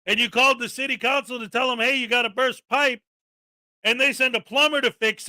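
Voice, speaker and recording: Man, very high voice, sharp and bright, sarcastic rant, dry close sound. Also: fairly even intonation, a little fast, no echo. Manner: sarcastic, often shouting in exasperation. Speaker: commentary channel host. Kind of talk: ranting commentary.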